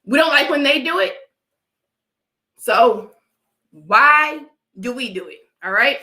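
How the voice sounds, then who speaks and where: A woman's voice: high-pitched, animated, slow pace, sharp tone, echoey room, a little hiss or hum. A woman with a dry cough from allergies, hosting a live stream and talking her opinions through emphatically, often checking in with viewers. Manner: emphatic, repeats "all right?" to viewers. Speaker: livestream host.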